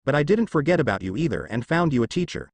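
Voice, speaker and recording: A man reading as a calm, evasive ninja teacher. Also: mid-range voice, fast, vocal fry.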